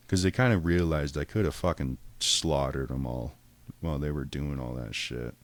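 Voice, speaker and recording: A man's voice: a bass voice, normal speed. A man telling a long story in casual, profane podcast talk, rambling and acting out what people said in a raised voice. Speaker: podcast host.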